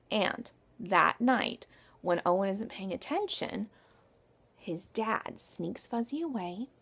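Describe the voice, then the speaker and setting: A woman telling a children's story at storytime in an animated way, often asking the young listeners questions. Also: a little high, gravelly.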